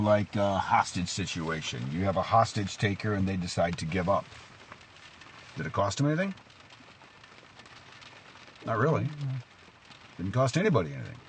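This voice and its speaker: Low-voiced guy giving an outdoor bible talk, voice jumps up and down a lot, soft rain noise behind. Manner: questioning, tells stories, lively rises in pitch. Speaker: preacher. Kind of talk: informal outdoor devotional talk.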